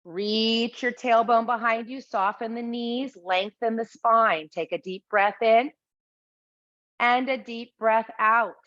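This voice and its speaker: A woman teaching a chair exercise class, calmly and steadily cueing each breath and movement. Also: fairly high pitch, takes it slowly. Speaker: Pilates instructor. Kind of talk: guided exercise class instruction. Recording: slightly dull lo-fi sound.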